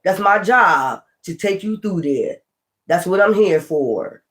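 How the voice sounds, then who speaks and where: Male tarot reader, high voice, street-preacher delivery, swears freely, loops catchphrases. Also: expressive, slow, fairly bright tone. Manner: preachy, profane, repeats catchphrases. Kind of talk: casual spoken tarot reading.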